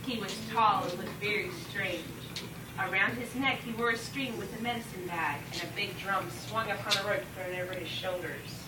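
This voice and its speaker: A woman telling a folk tale live to an audience, expressive and shouting the story's commands. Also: mid-range voice, moderate pace, noisy background. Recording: roomy live recording from far off over loud music.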